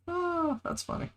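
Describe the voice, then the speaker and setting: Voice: very high-pitched, gravelly, fairly bright tone. A streamer, joking and chatting casually during a game. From United States. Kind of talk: casual gameplay chat.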